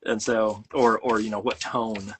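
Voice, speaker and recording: A man's voice: on the low side, little pitch movement, unhurried, a little hiss or hum. A middle-aged man hosting a casual chat while making art, talking in a rambling, self-deprecating way with lots of fillers and restarts. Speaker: host.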